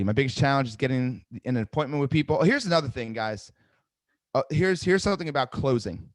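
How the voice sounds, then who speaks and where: Man, sales trainer, webinar talk, mid pitch, dry close sound, punchy repetition. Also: no room sound. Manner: energetic, repeats key phrases, acts out sales calls with varied tonality. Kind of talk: live webinar coaching.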